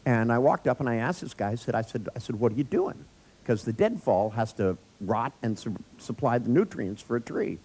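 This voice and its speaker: A man's voice: medium pitch, expressive, a little fast, darkish tone, breathy edge, poor audio. Wry man teaching a workshop. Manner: wry, joking storyteller addressing a live audience. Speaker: workshop trainer. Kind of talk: live workshop lecture with anecdotes. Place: workshop room with an audience.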